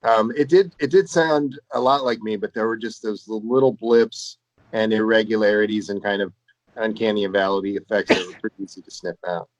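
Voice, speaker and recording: A man with a low voice muses in a thoughtful way during a casual chat, leaning on fillers as he thinks. His voice sounds dry, with no room echo. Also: fairly even intonation, moderate pace. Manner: thoughtful, musing, lots of fillers.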